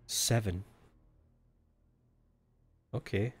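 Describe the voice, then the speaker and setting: A man's voice: fairly low pitch, very slow, slightly rough. A young Scottish man streaming a mystery game, reading its notes aloud and cracking jokes, swearing freely. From Scotland. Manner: swears freely, reads game text aloud, joking asides. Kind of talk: livestream gameplay commentary.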